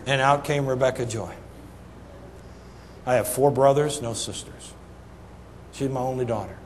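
A middle-aged man preaching a sermon, telling a humorous story in an animated, folksy way that swings between loud punchlines and soft asides. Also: mid-range voice, a little slow, background noise. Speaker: pastor. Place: church sanctuary. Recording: reverberant church hall, faint ambience.

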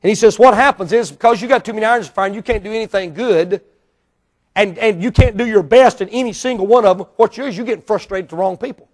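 Man, Baptist pastor, high voice, emphatic sermon, hushed to loud, church auditorium. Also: quick pace. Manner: emphatic, swings between hushed asides and loud outbursts.

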